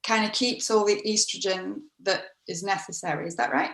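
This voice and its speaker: A woman's voice: mid-range voice, steady tone, moderate pace, creaky, fairly bright tone, reverberant. A woman hosting an interview, asking questions with brief acknowledgements. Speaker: podcast host. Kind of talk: casual interview.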